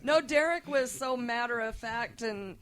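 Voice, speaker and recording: Woman co-host, slow, brief reactions; noisy background. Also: a little high. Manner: short reactive interjections. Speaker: podcast co-host. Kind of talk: casual podcast chat. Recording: clear background noise.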